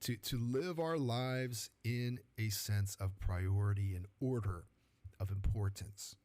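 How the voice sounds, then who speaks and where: A man's voice: on the low side, takes it slowly. Middle-aged californian guy doing a pumped up faith pep talk on his podcast, loose and chatty, lots of right?. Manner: energetic and colloquial, peppered with rhetorical "right?". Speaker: podcast host.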